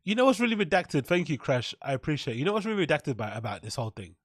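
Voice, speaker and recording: A man with a high-sitting voice hosts his own podcast, sarcastically ranting about a clip. He's blunt, swears, and laughs often. The audio is studio quality with no echo.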